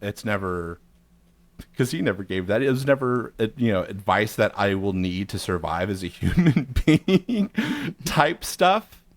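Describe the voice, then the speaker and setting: A man's voice: fairly low pitch, lively intonation, measured pace. A man in his forties telling a rambling, profane, self-mocking story on a podcast. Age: 40s. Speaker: podcast co-host. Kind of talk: casual storytelling.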